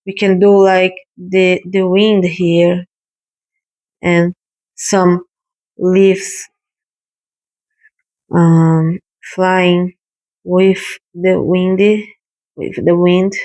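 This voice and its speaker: A woman hosting a casual painting tutorial, chatting gently and encouragingly as she paints. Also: fairly low pitch, little pitch movement, extremely slow, pauses often, rough recording. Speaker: watercolor artist hosting a painting video.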